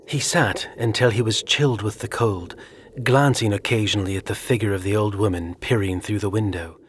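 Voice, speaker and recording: A man narrating a suspenseful story in a measured, scripted delivery. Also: lowish voice, a little hiss or hum. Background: music.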